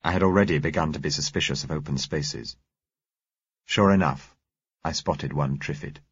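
Man, audiobook narrator, husky low voice, dry close sound, measured telling. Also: dry recording. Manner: measured, even storytelling. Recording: dull, muffled recording.

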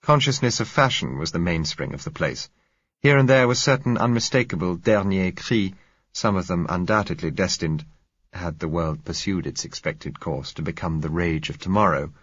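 A man narrates an audiobook in a measured, dryly wry manner. His voice is deep and husky. The recording is dry and slightly lo-fi. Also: fairly bright tone, dry recording.

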